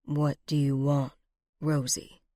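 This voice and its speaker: Steady, low-spoken lawman keeping his anger reined in, voiced by a woman. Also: no echo, clean studio sound. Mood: controlled. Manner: low, controlled and measured. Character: deep-voiced, controlled frontier sheriff man.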